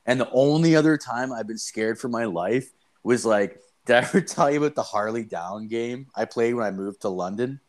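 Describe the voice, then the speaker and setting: A man's voice: mid-range voice, moderate pace. Profane young man telling a wild story. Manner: rambling, profane, animated retelling with quoted voices. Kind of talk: casual storytelling chat.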